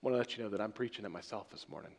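A man preaching a sermon as pastor, swinging between loud emphatic phrases and soft, trailing words. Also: fairly low pitch, very fast.

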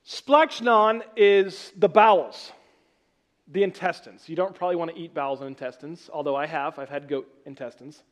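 High-voiced man preaching a sermon. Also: steady tone, quick pace, few pauses. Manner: joking asides, conversational preaching. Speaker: pastor.

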